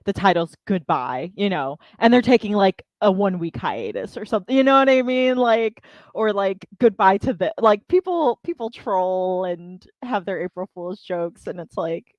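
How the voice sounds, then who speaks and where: A woman hosts a casual writing livestream, laughing easily and talking in an animated, chatty way. Her voice sits at a middling pitch. The sound is dry and close, as from a desk mic. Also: moderate pace, few pauses, no room sound, dull audio. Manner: giggly, animated, laughs often. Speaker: livestream host.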